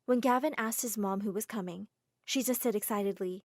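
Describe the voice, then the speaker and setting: A woman's voice: mid-range voice, a little fast, no room sound, clean studio sound. A woman narrating a dramatic first-person story in a breathless, emotional way.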